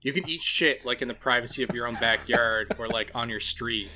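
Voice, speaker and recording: Male podcast host, bright tone, fast and profane banter. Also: mid-range voice. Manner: animated, profane, jokey. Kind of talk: casual podcast chat.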